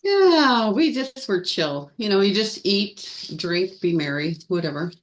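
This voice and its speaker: A woman's voice: on the low side, animated, measured pace. A woman co-hosting a live feng shui show, chatting casually and rambling with self-corrections. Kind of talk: casual live-stream chat.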